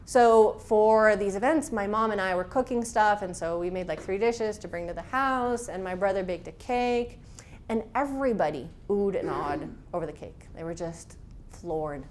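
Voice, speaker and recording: A woman's voice: mid-range voice, moderate pace, slight background noise. A woman instructor leading a class, talking frankly and casually, with personal stories. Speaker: workshop instructor.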